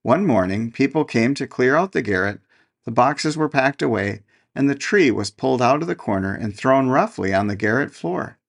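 Gravelly man narrating a fairy tale. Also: medium pitch, animated, normal speed. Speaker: podcast host reading a fairy tale. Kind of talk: storybook narration.

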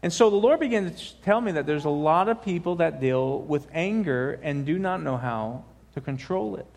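A middle-aged male pastor preaching in a loose, conversational way, often stopping and starting his sentences. His voice sits a little higher than most men's. It rings out with a long reverb through a large church sanctuary. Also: expressive, normal speed, vocal fry, darkish tone. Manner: informal, rambling, with many restarts. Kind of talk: sermon.

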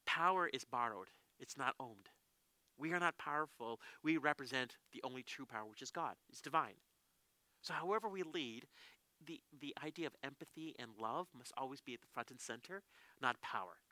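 A man preaching a sermon as a pastor, telling stories in an animated way with frequent restarts. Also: medium pitch, normal speed, no echo. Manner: animated storytelling with many restarts.

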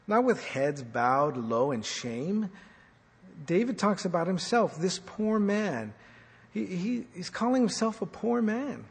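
A male pastor preaching a sermon, swinging between loud and soft, asking the congregation questions. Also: fairly high pitch, husky. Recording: echoey hall reverb.

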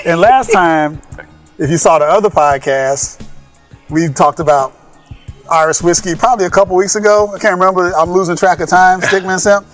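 A man hosting a laid-back podcast, his voice sitting a bit on the high side. He talks in a pumped, joking way and swears freely. Soft music plays faintly behind him. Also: moderate pace. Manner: hype, jokey, swears freely. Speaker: podcast host. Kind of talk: casual podcast chat.

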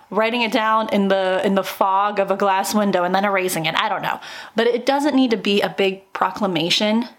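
A woman in her thirties hosting a solo podcast, talking upbeat and encouraging with little laughs between thoughts. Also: mid-range voice. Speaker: podcast host. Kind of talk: motivational solo podcast talk.

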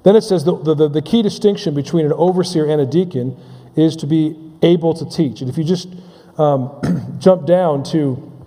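A man's voice: on the high side, dark tone. A man preaching a sermon as pastor, restarting phrases and asking his listeners questions. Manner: halting, repeats words, asks the congregation questions. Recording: long reverb of a large hall.

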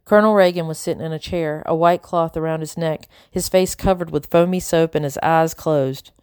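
Low-voiced woman reading a novel. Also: fairly even intonation, normal speed, darkish tone, clear, resonant tone, no echo, clean studio sound. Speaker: audiobook narrator. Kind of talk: first-person novel reading.

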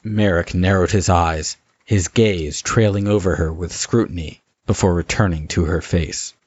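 A man giving steady, scripted story narration. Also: sits low, moderate pace, husky, no echo. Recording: dull lo-fi recording.

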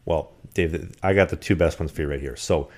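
A deep-voiced man telling a long string of stories in casual podcast chat. He talks fast and keeps rambling along, full of fillers and restarts, acting out the scenes as he goes. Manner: rambling, animated storyteller. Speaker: podcast guest. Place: rented apartment.

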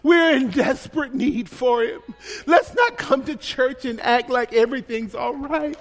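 A man preaching a sermon as a pastor, pleading and impassioned, dropping to a hush and then rising to shouts. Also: very high voice, lively intonation, a little slow, some chatter behind. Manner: impassioned, pleading, swinging between hushed and shouted. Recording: long reverb of a large hall.

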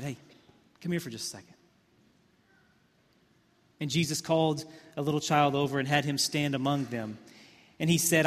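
A male pastor preaching a sermon, telling the scene like a story, with many repeated words and swings from hushed to emphatic. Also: a little high. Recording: long hall reverb.

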